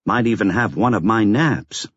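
A man's voice: lowish voice, normal speed, a bit bright, husky, dry recording. A man voicing an unflappable older woman in an audiobook, wry and matter-of-fact, on a slightly dull lo-fi recording. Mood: firm. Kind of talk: audiobook character voice.

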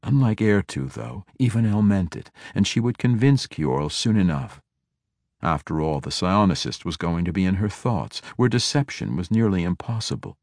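A man narrating a fantasy audiobook in a measured, even storytelling delivery. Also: deep voice, no room sound, studio quality.

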